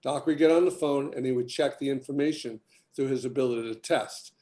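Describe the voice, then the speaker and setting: A man's voice: medium pitch, fairly quick, dark tone, roomy sound. An older man, a healing practitioner, telling stories in a rambling, casual podcast conversation.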